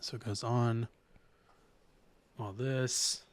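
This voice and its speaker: A man's voice: mid-range voice, fairly even intonation, drawn-out words. A man hosting a podcast in casual chat, rambling and reading news aloud with restarts. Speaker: podcast host.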